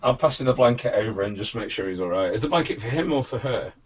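A man's voice: fairly low pitch, lively intonation, quick pace, lo-fi sound, a little hiss or hum. A man playing a tabletop game, role-playing in a cheeky, boisterous, joking way. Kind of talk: in-character role-play.

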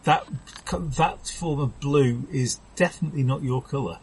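A man's voice: medium pitch, moderate pace. Easygoing, teasing man at a game table. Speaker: player. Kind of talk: casual tabletop game play.

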